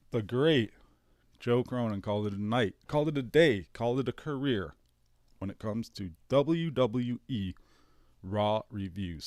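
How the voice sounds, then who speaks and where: A man's voice: lowish voice, darkish tone, no echo, clean studio sound. Sarcastic, profane man with a Detroit accent. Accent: Detroit area. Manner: sarcastic, profane, mock-emotional. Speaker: streamer host. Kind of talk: casual rambling monologue.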